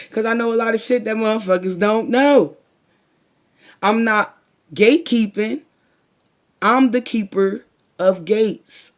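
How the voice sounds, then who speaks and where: A woman vlogger giving a blunt, profane motivational monologue full of rhetorical questions. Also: on the high side. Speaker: spiritual vlogger.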